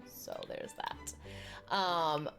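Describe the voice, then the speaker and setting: A young woman chatting casually on a game stream, telling lively stories and acting out the people in them. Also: extremely slow, over music. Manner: chatty storyteller, acts out quoted people with big pitch jumps. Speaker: streamer chatting while playing.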